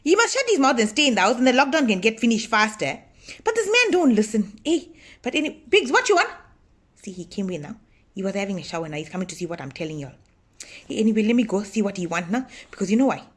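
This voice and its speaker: Speaking straight to camera, a woman in a comedy sketch plays a bossy older auntie long married to a lazy man she keeps scolding. The monologue is quick, gossipy and lively, delivered in a middle-pitched voice.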